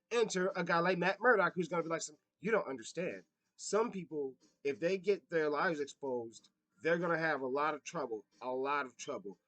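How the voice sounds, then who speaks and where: A man's voice: on the high side, no echo, rough recording. A man talking through a casual, profane rant and laughing at his own slips. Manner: animated, profane, laughs at himself. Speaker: commentator.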